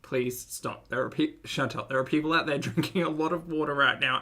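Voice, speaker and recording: Sardonic, bright-voiced reaction host. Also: medium pitch, brisk, few pauses. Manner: sardonic, exasperated asides. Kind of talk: reaction commentary.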